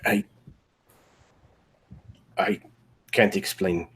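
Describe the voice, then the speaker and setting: A man's voice: low voice, huge pitch swings, drawn-out words, a bit bright, slightly rough, exaggerated voice. A man playing a shaken young elf.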